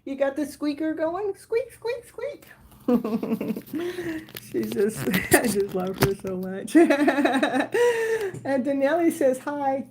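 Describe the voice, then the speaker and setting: A woman in her sixties with a somewhat high voice talks slowly and easily on a live tarot stream. She laughs often and slips into playful baby talk with her dog between readings. A faint hiss sits under her voice. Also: animated, darkish tone. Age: 60s. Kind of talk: casual live-stream chat while reading viewer comments.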